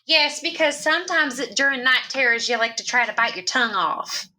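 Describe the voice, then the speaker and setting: Sugary asylum nurse calling the patient honey, played by a woman, bright tone, lively pitch. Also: fairly quick, heavily acted. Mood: coaxing. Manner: sweet, coaxing, calls patient honey. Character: soothing female asylum nurse.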